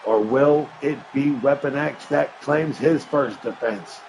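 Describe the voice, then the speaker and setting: A man doing hyped play-by-play commentary on a live-streamed wrestling game, rising into shouts on big moments. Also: medium pitch, slow, gravelly, a little hiss or hum, poor audio. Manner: hyped announcer delivery that rises to shouts.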